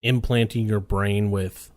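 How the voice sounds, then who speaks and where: A man's voice: on the low side, level tone, a little slow, a little mellow, no room sound, studio quality. Laid-back swearing podcast co-host man. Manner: laid-back, swears freely, laughs often. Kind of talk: casual chat.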